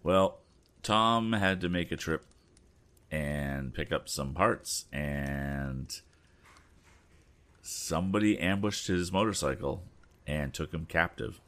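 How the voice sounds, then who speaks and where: A man hosting a storytime show, reading a classic adventure novel aloud in a relaxed, unhurried way. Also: very deep voice. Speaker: storyteller host.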